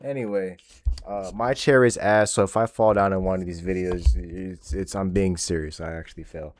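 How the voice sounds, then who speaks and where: A man in his twenties hosting a music reaction video, excitable and profane, often repeating himself. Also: sits low, moderate pace, dry recording. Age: 20s. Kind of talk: casual reaction commentary. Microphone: desk microphone.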